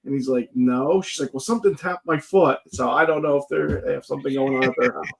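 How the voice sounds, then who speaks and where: A man's voice: mid-range voice, steady tone, quick pace, gravelly. A man tells ghost stories in a loose, joking way. He rambles, restarts and pads his sentences with fillers, keeping the talk casual. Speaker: guest paranormal investigator. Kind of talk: casual storytelling chat.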